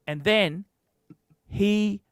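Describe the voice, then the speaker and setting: A man's voice: high-pitched, drawn-out words, a bit bright, smooth, no room sound, clean studio sound. A man hosting a livestream, telling a heated, profane story in a ranting chat. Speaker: livestream host.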